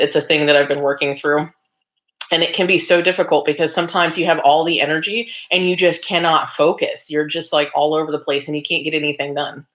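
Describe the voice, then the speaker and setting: Her voice sits low and has a fairly bright tone as she hosts a laid-back craft livestream. She reads viewer comments out and responds in a chatty way, laughing a lot and saying um often; the sound is a bit dull and lo-fi.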